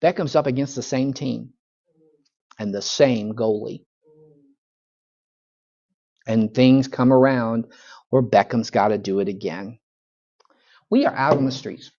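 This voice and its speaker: A man's voice: mid-range voice, measured pace, long pauses, dark tone. A male pastor leads a Bible study, spinning conversational, folksy stories for his class. His voice sits in an ordinary middle register. The church recording sounds dull and lo-fi.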